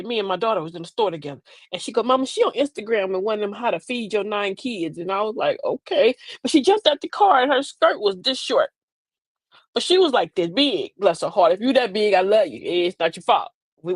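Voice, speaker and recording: Animated older woman, laughing and sassy. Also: medium pitch, no room sound. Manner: animated, laughing, sassy Southern-style asides. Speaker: host. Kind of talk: comic storytelling monologue.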